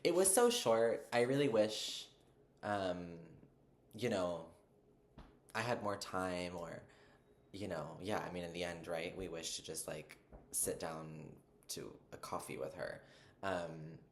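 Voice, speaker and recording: A young man telling a story in a casual, excited, rambling way, full of fillers. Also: low-pitched, takes it slowly, slight background noise. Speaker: vlogger.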